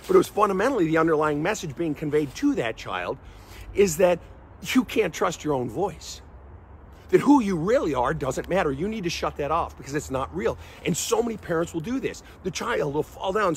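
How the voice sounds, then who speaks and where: A man's voice: on the high side, animated, normal speed, slight background noise. A middle-aged man, a therapist, giving blunt, emphatic commentary straight to camera, driving his points home with repeated questions.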